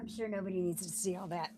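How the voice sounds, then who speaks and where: A woman's voice: mid-range voice, darkish tone, slightly rough. A middle-aged woman, hosting a recovery meeting from home and chatting casually and digressively with her viewers. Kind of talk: casual livestream talk. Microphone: webcam or phone camera.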